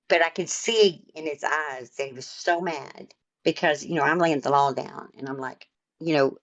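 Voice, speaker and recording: A woman's voice: low-pitched, normal speed. An older woman, a grandmother, telling a story in a blunt, repetitive way during a casual chat. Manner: blunt, repeats herself for emphasis. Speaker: stream host.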